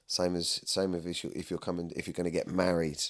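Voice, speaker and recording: A podcast host talks earnestly and at length, rambling candidly in a personal chat and often asking "do you know what I mean". His voice is deep with little pitch movement, and he speaks fairly quickly.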